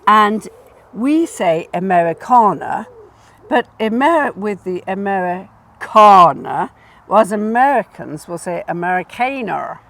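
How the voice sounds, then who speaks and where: A woman hosting a casual chat about plant names, instructive and quick to laugh, repeating words to stress them. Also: mid-range voice, animated, fairly bright tone. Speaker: garden designer and host.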